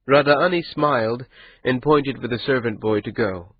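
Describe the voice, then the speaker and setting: Husky male narrator for a fantasy audiobook, mid pitch, muffled recording. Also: moderate pace, no room sound. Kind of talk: scripted narration.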